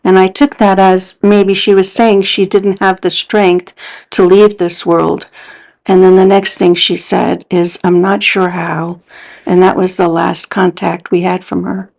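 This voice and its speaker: Female host, slightly low pitch, earnest and reflective voice-over narrator. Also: flat delivery, measured pace, gravelly, darkish tone, low-quality recording. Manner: earnest, contemplative. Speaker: paranormal investigator host.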